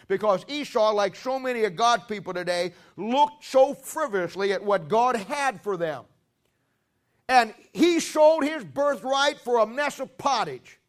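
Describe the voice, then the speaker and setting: A man preaching a sermon who questions the congregation and drives his points home with loud, emphatic stresses. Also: high-pitched.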